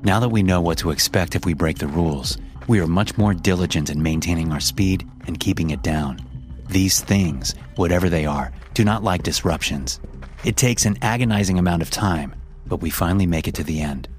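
Very deep-voiced man narrating horror. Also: soft background music. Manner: tense, measured first-person narration.

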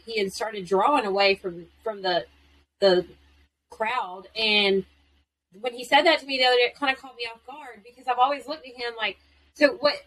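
A woman, former military spouse, talking in a casual conversation with animated storytelling. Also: on the high side, low-quality recording.

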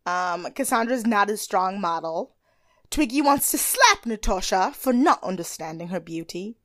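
A woman co-hosting a casual podcast chat, animated and playful, with a voice that cracks at times. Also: medium pitch, normal speed, no room sound, clean studio sound. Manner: chatty, animated, playful impressions of people. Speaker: podcast co-host. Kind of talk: casual chat recapping a reality show.

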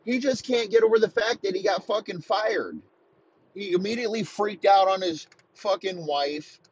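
A man in his thirties delivering a heated, profane comedic rant, talking in rapid-fire bursts. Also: sits high, breathy edge, dull audio. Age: 30s.

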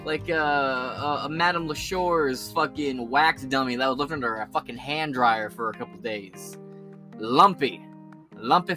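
Young male podcast host with a brassy, raised voice who tells profane, slangy stories over quiet guitar. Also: fairly high pitch. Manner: crude, joking storyteller with a lot of slang and swearing. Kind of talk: profane ranting commentary.

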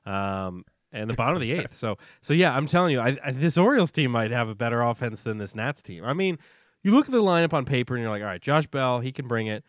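A man's voice: mid-range voice, very animated, fast, no echo, studio quality. A man co-hosting a casual sports podcast, chatting loosely and rattling off player stats over a remote call. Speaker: podcast co-host. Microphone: remote call mic.

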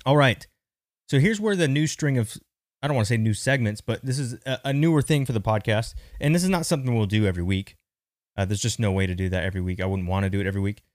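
A man's voice: fairly low pitch, fast, no room sound, studio quality. A man hosting a podcast, chatting casually and thinking aloud as he gives market commentary, often restarting his sentences. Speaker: podcast host.

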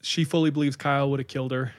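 A man casually retelling a story on a podcast, animated and full of likes as he acts out quotes. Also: medium pitch, racing.

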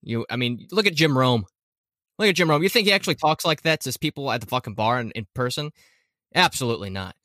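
A man's voice: medium pitch, animated, fast talker, pushed and bright, no echo, clean studio sound. A man co-hosting a podcast in casual chat, rambling and correcting himself, often laughing. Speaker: podcast co-host.

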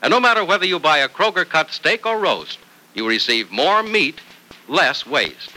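An upbeat male announcer reading a vintage radio ad and narration. His voice is very bright and sharp, with lively swings in pitch. He speaks with a salesman's push. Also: moderate pace, low-quality recording.

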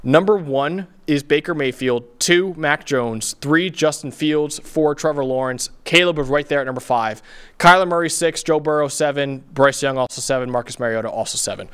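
A man's voice: fairly high pitch, moderate pace, fairly bright tone, smooth. A man co-hosting a sports podcast, arguing his points emphatically and repeating them for effect. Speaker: podcast co-host, analyst. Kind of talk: animated sports debate.

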